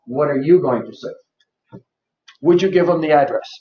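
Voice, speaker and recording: A man's voice: fairly high pitch, moderate pace. A man presenting a live seminar workshop, quizzing the audience and repeating his points to drive them home. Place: office seminar room. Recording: roomy, distant, dull lo-fi.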